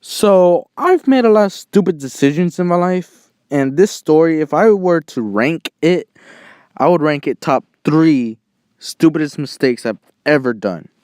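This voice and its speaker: A man's voice: on the high side, lively intonation, a little slow, darkish tone, clean tone, no room sound, studio quality. A young man telling a self-mocking story in a casual vlog over gameplay, cheerful and joking, who cries out when he quotes himself. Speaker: channel host.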